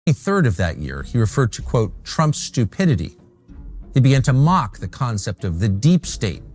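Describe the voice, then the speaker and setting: A man reading scripted documentary narration in a measured way, with dramatic delivery of quotes. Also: medium pitch, very animated, darkish tone, soft background music.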